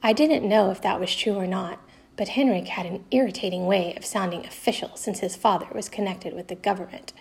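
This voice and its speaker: For a class, a woman reads aloud a chapter of a first-person novel in a medium-pitched, brisk, gravelly voice. Her reading stays steady and even, though she briefly takes on the characters' voices.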